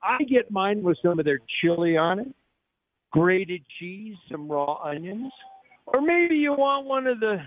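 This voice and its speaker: Man, radio host, high voice, upbeat promo patter, tinny phone-line sound. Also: sing-song, a little slow, no room sound. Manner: upbeat salesman-like delivery, jokey. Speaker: radio talk show host. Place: on location at a restaurant. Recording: narrow phone-like radio audio, dry.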